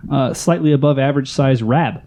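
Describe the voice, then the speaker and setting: A man's voice: medium pitch, a little fast, mellow. A man hosting a comedy podcast, joking and swearing in casual banter. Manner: irreverent, profane, joking. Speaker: podcast host.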